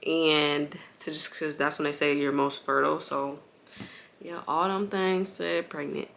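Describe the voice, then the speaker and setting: A woman's voice: low-pitched, steady tone, measured pace, gravelly, a bit bright, a little hiss or hum. A young woman telling her story to viewers in a chatty, casual way, full of "like" fillers and calling them y'all, while bouncing on an exercise ball at home with a baby. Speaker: vlogger.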